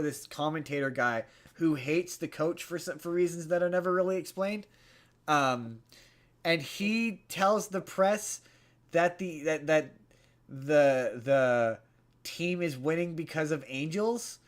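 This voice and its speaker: A man co-hosting a podcast in casual chat, retelling a movie plot in a rambling way with many restarts. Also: fairly high pitch. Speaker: podcast co-host.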